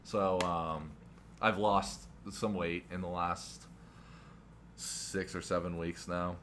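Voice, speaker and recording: A man's voice: low-pitched, flat delivery, slow, fairly bright tone, slight background noise. A young adult man co-hosting a podcast in casual chat, rambling, laughing often and swearing casually. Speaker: podcast host.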